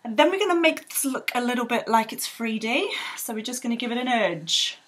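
A woman's voice: a little high, fairly quick, fairly bright tone, husky. A young woman teaching children to draw in a bubbly, rambling way with playful sound effects. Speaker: art tutor. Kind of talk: drawing tutorial for children.

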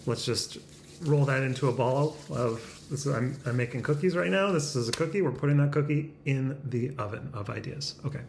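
A man talks straight to camera at home in a casual, self-conscious way, joking and often laughing at himself. His voice sits at a mid pitch. A faint room hiss hangs under the recording. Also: brisk, vocal fry, a little mellow. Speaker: vlogger. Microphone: camera facing him.

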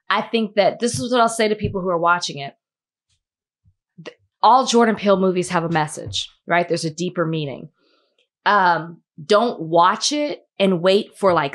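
A woman co-hosting a podcast, talking in a chatty, casual way. She peppers her sentences with "like" as she tells a story. Her voice sits slightly low for a woman. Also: moderate pace. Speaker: podcast co-host. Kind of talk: casual chat.

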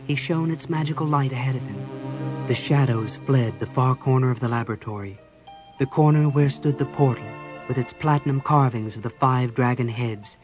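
Dramatic male audiobook narrator. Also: medium pitch. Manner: measured and dramatic, with swells of intensity. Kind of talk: scripted fantasy narration.

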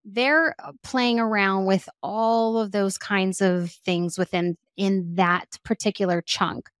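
Animated woman explaining, dry close sound. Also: medium pitch, slow, smooth, dry recording. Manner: animated, acts out quoted voices, frequent "like". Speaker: guest expert on child emotional regulation; mother of two. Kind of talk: conversational podcast interview.

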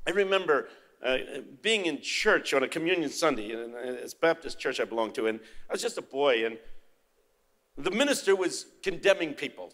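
An older man preaching a sermon, moving from quiet storytelling to loud, emphatic proclaiming. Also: fairly high pitch. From United States.

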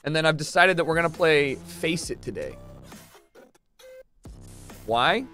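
A young man with a high, light voice tells a story to his stream chat. He talks loosely and swears freely, and he acts out the moments, sometimes rising to shouts. Faint music plays under him. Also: sing-song, a little slow.

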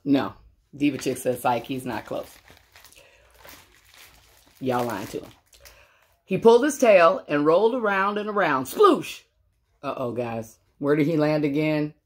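Woman, storybook reader, playful chatty asides, slow delivery, lively pitch, fairly low voice. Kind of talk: reading a picture book aloud with asides.

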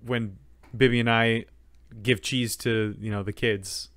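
A man's voice: medium pitch, steady tone, a little slow, a bit bright, dry recording. A man co-hosting a podcast in casual chat, joking and rambling with plenty of fillers and restarts. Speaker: podcast co-host.

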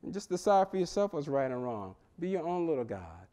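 Man, pastor, high-pitched voice, lively sermon delivery that jumps between loud highs and quiet lows, chapel setting. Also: fairly quick. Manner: animated preaching, swings from loud and high to low and quiet. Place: seminary chapel.

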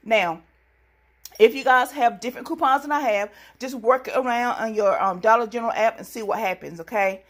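Chatty woman vlogger, slightly high voice, excitable and talking straight to her viewers. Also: brisk. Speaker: couponing vlogger. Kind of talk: casual deal-hunting vlog.

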